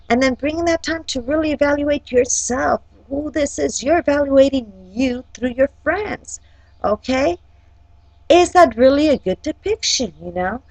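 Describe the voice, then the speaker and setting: A woman's voice: high-pitched, no echo, low-quality recording. A woman giving a casual, chatty horoscope forecast. She often checks in with "okay?" and talks directly to each sign. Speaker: astrology forecaster and life coach.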